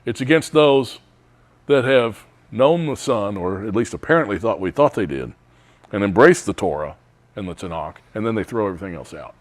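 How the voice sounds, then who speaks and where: A man's voice: fairly low pitch, lively intonation, moderate pace. A man teaching a Bible study, reading scripture aloud with emphasis.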